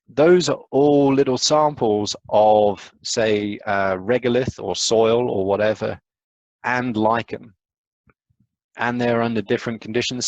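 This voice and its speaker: A man with a fairly low voice gives an eager, fast-paced science lecture over a video call, full of "uh" and "right?" asides. The sound is close and dry, with no room echo. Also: highs cut off. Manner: enthusiastic, fast, rambling with fillers. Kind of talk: live online science lecture.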